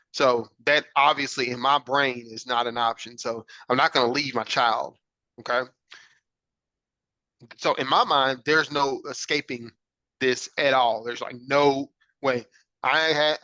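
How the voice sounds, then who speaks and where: A man, an adult father, hosts a podcast and earnestly tells a reflective personal story, often checking in with "right?". His medium-pitched voice is bright and forceful, with fairly even intonation at normal speed. The sound is lo-fi, with no echo.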